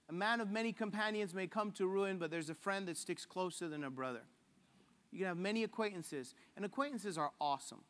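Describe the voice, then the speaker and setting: A man's voice: high voice, fairly bright tone, in a large hall. A man preaching a sermon in a casual, joking way, acting out the voices he quotes. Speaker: pastor.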